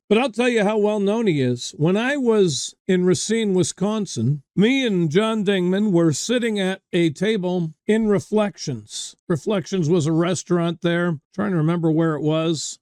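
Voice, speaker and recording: A man's voice: high voice, darkish tone, dry recording, studio quality. A man coaching chess, calling out moves and drifting into chatty stories while talking to his viewers. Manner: chatty, digresses into anecdotes, addresses viewers. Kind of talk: chess game commentary lesson.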